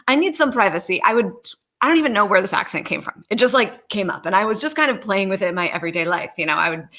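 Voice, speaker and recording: Bright-voiced woman chatting animatedly. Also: mid-range voice, fast. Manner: animated, laughs often, many fillers. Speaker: guest, experience designer. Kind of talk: casual video call conversation. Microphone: video call.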